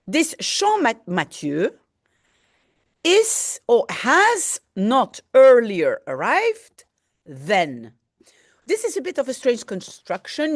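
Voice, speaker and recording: A woman teacher reads from a novel in a slow, unhurried way, stopping to translate and explain each phrase. Her pitch rises and falls a lot as she speaks. The recording is dry and close, with no room sound. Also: dry recording. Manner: patient, explaining vocabulary, peppered with "hein". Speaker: language teacher. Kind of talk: reading a French novel aloud and translating it line by line.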